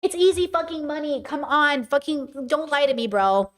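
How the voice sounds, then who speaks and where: A woman from Southern California hosting her podcast, delivering blunt, fast commentary that slips into swearing rants. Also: sits high, fairly bright tone. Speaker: podcast host. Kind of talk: casual commentary.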